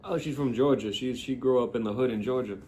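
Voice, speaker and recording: A man's voice: medium pitch, fast, a little mellow. A young man co-hosting a podcast, laid-back and agreeable in casual chat. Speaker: podcast co-host.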